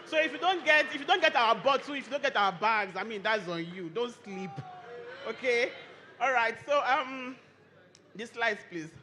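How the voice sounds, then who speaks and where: A Nigerian woman, a lawyer and firm co-founder, giving a lively, chatty conference talk and teasing the audience. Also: on the high side, moderate pace, a little hiss or hum. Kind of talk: conference presentation with audience interaction.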